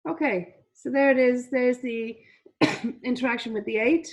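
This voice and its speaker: A woman's voice: on the high side, steady tone, a little slow. A woman teaching a trading lesson over a shared screen, chatty, repeating herself, with many fillers. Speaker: trading coach.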